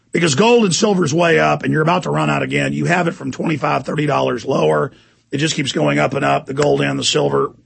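Gravelly hoarse radio host ranting. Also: male voice, on the high side. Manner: fiery, sarcastic, shouting outbursts. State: hoarse from screaming. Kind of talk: heated talk radio ranting.

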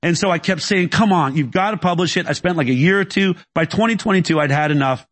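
A man as an interview guest, telling a long story emphatically and quickly, acting out dialogue and restarting sentences. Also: high voice, fairly bright tone. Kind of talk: animated storytelling in conversation.

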